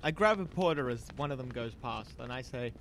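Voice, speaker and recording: A man playing a tabletop game, describing his character's actions with halting restarts. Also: mid-range voice, animated, a bit bright, slight background noise. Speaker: player. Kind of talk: casual in-character play.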